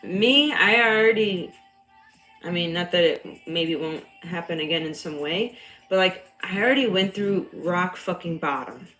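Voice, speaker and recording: A young woman with a slight Bronx accent who is a cycle coach, chatting casually on a livestream. Her voice is loud and a bit nasal, and she talks bluntly, swears freely and laughs often. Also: fairly low pitch, measured pace, faint music behind, rough recording. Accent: slight Bronx New York.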